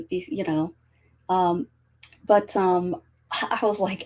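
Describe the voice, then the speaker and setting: A woman guest in a casual livestream chat, enthusiastic and quick to agree. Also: on the low side, steady tone, a little mellow.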